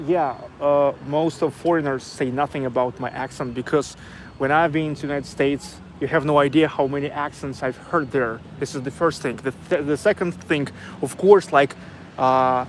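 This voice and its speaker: Blunt Russian-accented man, slightly high. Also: steady tone, a little hiss or hum. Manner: blunt and opinionated, halting English. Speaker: vlogger host. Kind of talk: casual chat.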